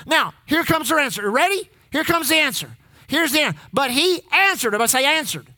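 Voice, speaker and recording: A man preaching a sermon, leading the congregation in call-and-response and repeating key lines, shifting between loud emphasis and low asides. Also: expressive, quick pace, no echo. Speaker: pastor.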